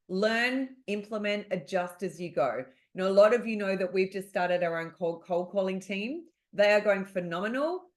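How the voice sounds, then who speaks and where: Australian woman coach, punchy motivational webinar delivery over a video call. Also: medium pitch. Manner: energetic, motivational, emphatic repetition. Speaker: real estate sales coach. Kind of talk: webinar teaching.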